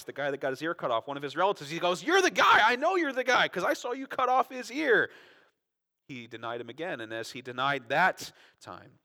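A man preaching a sermon, reading scripture expressively and explaining it in a conversational way with rhetorical questions and asides. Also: medium pitch. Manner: expressive scripture reading, acting out quoted voices. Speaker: pastor.

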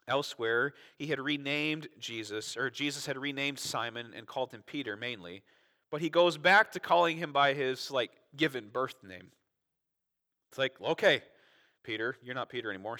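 A man preaching a sermon, reading scripture expressively and explaining it in a conversational way with rhetorical questions and asides. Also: on the high side. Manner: expressive scripture reading, acting out quoted voices. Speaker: pastor.

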